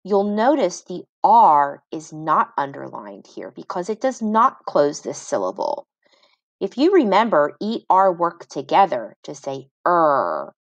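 A woman teaches phonics to young children, slowly sounding out each part of a word. Her voice sits a little low and her pace is unhurried. The sound is dry and close, with no room echo. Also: big pitch swings, muffled recording. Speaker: reading teacher.

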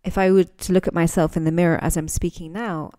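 A woman's voice: lowish voice, little pitch movement, fast, warm tone. A woman who is a native English speaker and teacher, hosting a casual podcast lesson, talking thoughtfully with frequent restarts and fillers.

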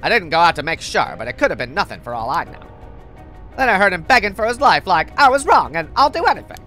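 A woman voicing a blunt, swearing teenage delinquent girl in a video game, with a low, dismissive drawl. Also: big pitch swings, fast talker, fairly bright tone, faint music behind. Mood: gruff.

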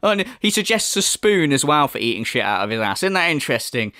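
Mocking man commenting, lively voice. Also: on the high side, quick pace, no room sound, studio quality. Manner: mocking, laughing, swearing, mimics voices. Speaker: commentary channel host. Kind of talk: sarcastic commentary.

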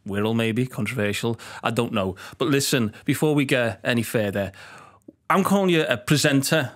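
A man's voice: mid-range voice, moderate pace. A man with a Scouse accent hosting a casual podcast interview, jokey and full of restarts. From Liverpool, England. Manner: jokey, with many restarts and fillers. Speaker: podcast host and stand-up comedian.

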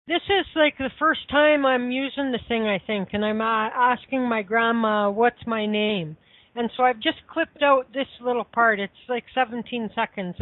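Woman, casual rambling talker, a touch high, on a phone line. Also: no echo. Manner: rambling, many fillers and restarts. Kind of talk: casual chat.

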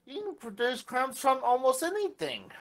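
A man's voice: very high-pitched, huge pitch swings, moderate pace, over a noisy crowd. A man co-hosting a live show, joining in with teasing questions and joking banter.

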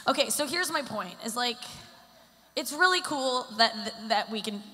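Bright-voiced woman doing stand-up in a hall. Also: on the high side, animated, normal speed. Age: 30s. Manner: rambling and self-deprecating, full of filler "like"s. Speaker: stand-up comedian. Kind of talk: live stand-up set. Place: stage at a live summit event. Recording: echoey hall with long reverb.

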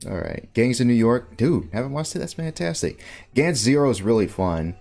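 Podcast host, male, rambling casual delivery with lively swings in pitch; faint music underneath. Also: normal speed, creaky. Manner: rambling, animated, swears casually.

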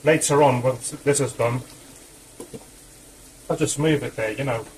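Male home cook, unhurried and rambling, breathless, mid-range voice, light kitchen noise. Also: medium pitch, a little mellow, poor audio. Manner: chatty, rambling asides. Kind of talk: casual cooking commentary.

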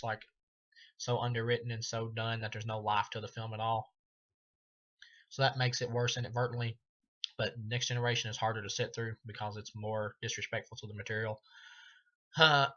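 A man's voice: medium pitch, a bit bright, dull audio. A man ranting through a horror movie review, swearing freely and breaking into laughter as he goes. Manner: ranting, profane, laughing often. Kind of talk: profane movie review rant.

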